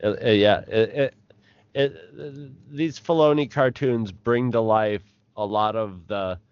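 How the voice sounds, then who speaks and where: A man co-host chats in a loose, rambling way, often stopping and restarting his sentences. His voice is low and smooth. The sound is dry and a little dull. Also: slow pace, dry recording. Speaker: podcast co-host. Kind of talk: casual chat.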